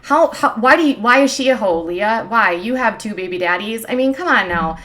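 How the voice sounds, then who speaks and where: A woman's voice: fairly high pitch, animated, normal speed, a bit bright. A woman hosting a casual livestream who talks in a sarcastic, opinionated way. She rambles through her points with plenty of "um" and "like.". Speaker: gossip commentary streamer.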